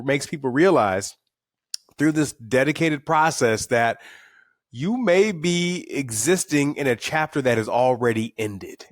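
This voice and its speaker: A middle-aged man, a guest author telling stories with candid, animated energy on a podcast. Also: mid-range voice, dry recording, studio quality. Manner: candid, animated storytelling with repeated words. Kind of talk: podcast interview.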